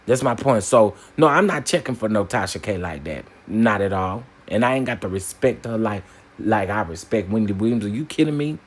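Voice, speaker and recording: A man hosting a casual opinion commentary, emphatic and animated, repeating phrases for punch. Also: lowish voice, moderate pace. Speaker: commentary channel host.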